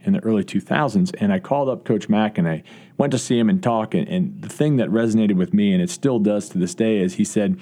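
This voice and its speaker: In a podcast interview, a college football coach answers sincerely in a fairly low, mellow voice at a brisk pace. His replies are full of fillers and repeated restarts.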